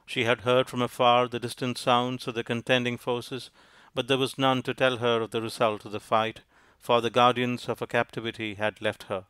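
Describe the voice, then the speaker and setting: A man narrating a storybook in a measured, even reading. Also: mid-range voice, smooth, dry recording. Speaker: audiobook narrator.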